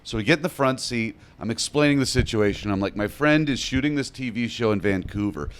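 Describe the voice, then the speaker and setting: A man telling a story in casual chat, animated and swearing as he acts out both sides of it. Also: medium pitch, fairly quick, clear, resonant tone. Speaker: podcast guest.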